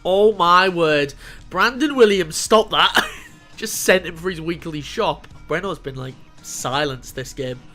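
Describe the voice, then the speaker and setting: Guy commentating his football game, fairly high voice, swears a lot, faint music under it. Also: unhurried. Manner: excitable, swears freely, talks to the players on screen. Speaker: gaming video host. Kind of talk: casual video game commentary.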